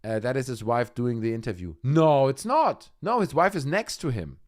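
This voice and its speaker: A man's voice: mid-range voice, animated, normal speed, a little mellow. A man hosting a live online talk show, commenting sarcastically and mockingly on news clips. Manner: sarcastic, mocking, puts on silly voices. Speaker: livestream host.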